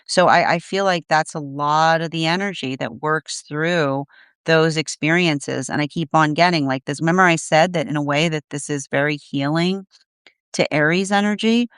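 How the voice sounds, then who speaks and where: Woman tarot reader on a live stream; slightly low voice, dry sound; searching delivery full of restarts. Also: moderate pace, fairly bright tone, smooth, no echo. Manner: searching, restarts often, tags lines with "right?". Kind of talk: live-streamed energy reading.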